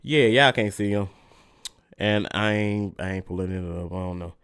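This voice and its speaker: A man's voice: fairly low pitch, moderate pace, a bit bright, clean tone, dry recording, clean studio sound. A man hosting a solo podcast, ranting casually and profanely with heated energy while his mouth burns from spicy food. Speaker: podcast host.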